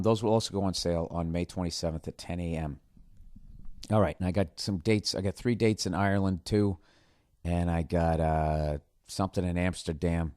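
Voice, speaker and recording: A man's voice: sits low, darkish tone, dry recording, clean studio sound. A man hosting a podcast alone, talking casually in a rambling, sarcastic way and swearing often. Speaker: podcast host. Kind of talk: casual solo podcast monologue.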